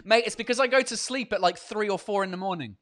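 Male host with a high voice, hesitant and chatty in casual talk. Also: fast talker, a bit bright. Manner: hesitant, many fillers and restarts, laughing. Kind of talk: casual chat.

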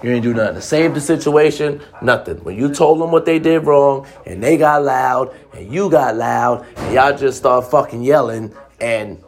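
A man's voice: medium pitch, normal speed, few pauses. A man giving relationship advice in a blunt, profane casual monologue, repeating lines for emphasis.

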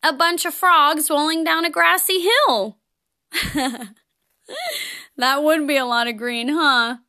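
A woman hosting a children's show, talking to young kids in a playful, giggly, gently encouraging way. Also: sits high, steady tone, slow pace.

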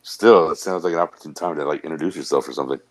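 Deep-voiced man with dry teasing. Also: rapid-fire. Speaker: podcast co-host. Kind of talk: casual chat.

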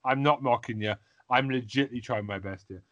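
A man's voice: mid-range voice, normal speed, fairly bright tone. A man hosting a casual podcast, laughing at himself and swearing often as he chats with his co-hosts. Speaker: podcast host.

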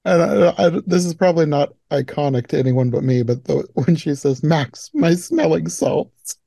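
A man hosting a relaxed film podcast, his voice mellow and dark. He talks casually with lots of fillers and laughs easily. The sound is dry and close. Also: a little high, a little fast, gravelly, dry recording. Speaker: podcast host. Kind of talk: casual chat.

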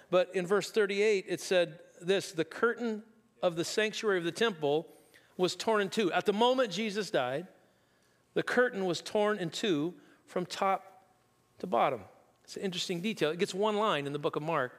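A man preaching a sermon, telling a story and reading scripture slowly and deliberately. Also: high voice, a bit bright. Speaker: pastor. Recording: long reverb of a large room.

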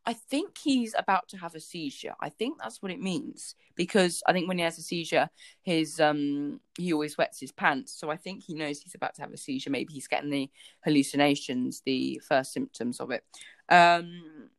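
A woman's voice: deep voice, moderate pace, dry recording. A woman co-hosting a book podcast, chatting casually and rambling with lots of fillers. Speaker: podcast co-host.

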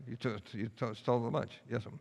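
A man's voice: mid-range voice, steady tone, quick pace, gravelly. A man preaching a sermon, telling a story in a folksy, earnest way. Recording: long hall reverb.

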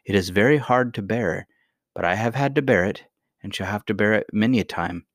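A man reading a storybook, voicing a sweet and gentle magical old grandmother with a soft, kindly manner. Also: on the low side, fairly quick, no room sound, clean studio sound. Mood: tender.

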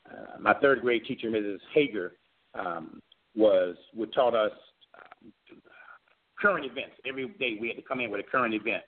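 A man's voice: on the low side, normal speed, pauses often. Earnest storytelling man on a phone line. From Florida. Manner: earnest storyteller who acts out quoted voices. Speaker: guest, former governor candidate. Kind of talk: telling a personal story on a radio talk show.

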